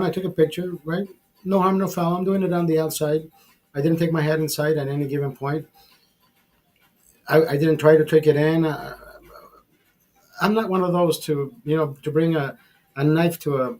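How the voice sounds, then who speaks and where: Husky, rambling male streamer. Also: on the high side, a little mellow. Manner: rambling, repeats himself, swears freely. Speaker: livestream host. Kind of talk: casual livestream chat.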